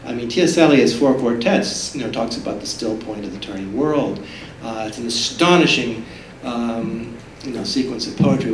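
A man giving a public talk as an author, telling stories in an animated way and acting out the voices in them. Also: mid-range voice, slight background noise. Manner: animated storytelling, acts out voices in his retellings. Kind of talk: public lecture. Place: public library talk room. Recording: roomy library hall from a distance.

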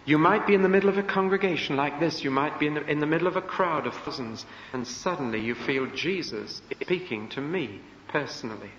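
A man's voice: a little high, brisk, hardly any pauses, fairly bright tone. A man delivers an emphatic sermon in a slightly raised register, pressing his points with questions to the congregation. The sound is an old, muffled live recording that carries the long reverb of a large church hall, with a faint hum of the room behind him. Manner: emphatic, rhetorical questions, acts out quoted voices. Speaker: preacher. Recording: echoey church hall, dull lo-fi.

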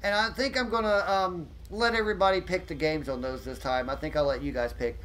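A man live-streaming a police game, joking loudly and thanking viewers by name. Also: fairly high pitch, fairly even intonation, a little fast, a little hiss or hum, rough recording.

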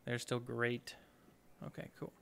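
Upbeat, smooth-voiced male gamer. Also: medium pitch, fairly even intonation, unhurried, a bit bright. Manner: upbeat, chatty, thinking aloud. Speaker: let's play host. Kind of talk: casual gameplay commentary.

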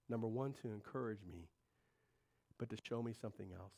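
A male pastor giving a conversational sermon to a congregation, swinging between loud, animated stretches and quiet, confiding ones. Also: lowish voice, brisk, gravelly, long pauses.

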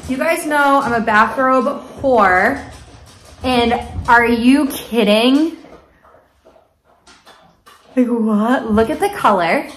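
A woman's voice: a little high, fairly bright tone. A young adult woman chatting casually in a haul vlog, enthusiastic and sometimes dropping into a half-whisper. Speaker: vlogger.

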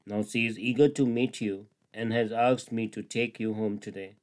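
A man's voice: lowish voice, steady tone, moderate pace, darkish tone, lightly acted. A man voicing a troubled male crocodile torn between his friend and his wife, in plain, earnest storybook dialogue. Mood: coaxing.

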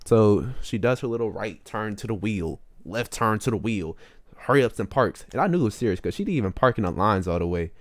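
A young man tells a story in a loose, slangy ramble, his pitch bouncing up and down and full of fillers. The recording is dry and close, with no room sound. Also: a little fast, no room sound. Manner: animated, with sudden jumps up in pitch. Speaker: vlogger telling a story. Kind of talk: casual storytime monologue.

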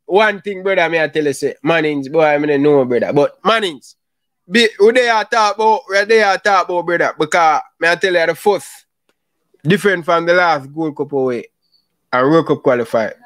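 Jamaican male host, raised pitch, dry recording, casual patter. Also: moderate pace, a bit bright, no echo. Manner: apologetic, laughing often, repeats "brother". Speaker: football talk show host. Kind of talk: casual argumentative chat.

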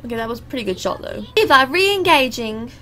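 A woman's voice: fairly high pitch, steady tone, racing, a little mellow, slight background noise. A young woman, chatting and exclaiming as she comments live on her own gameplay. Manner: chatty, exclaiming at the game, laughing. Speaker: gaming YouTuber.

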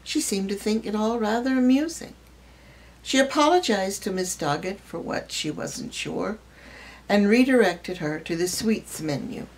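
A woman's voice: medium pitch, expressive, a little slow, low-quality recording. Woman reading a short story expressively. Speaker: reader.

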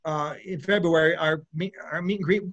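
With a slightly high, somewhat bright voice, fairly even intonation, and a normal pace, a middle-aged guest musician talks loosely in a casual interview. He rambles, starts sentences over repeatedly, and laughs a lot.

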